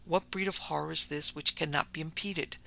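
Older man, grim and worn down, gravelly and bright-edged, read by a male narrator. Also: fairly high pitch, steady tone, a little fast, a little hiss or hum. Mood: despairing.

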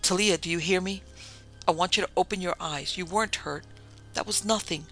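A man's voice: high voice, brisk, a bit bright, faint music behind. A man reading the part of a brusque, domineering wealthy husband who talks in curt commands. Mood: frantic.

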